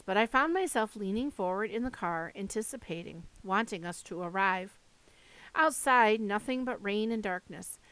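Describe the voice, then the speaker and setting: A woman narrating a first-person audiobook with steady storytelling. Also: mid-range voice, clean tone, no echo.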